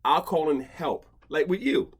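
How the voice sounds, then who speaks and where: A man's voice: a little high, expressive, unhurried, slightly rough. Stammering man in casual chat. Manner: rambling with many restarts and stammers. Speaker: podcast host, dog behavior expert.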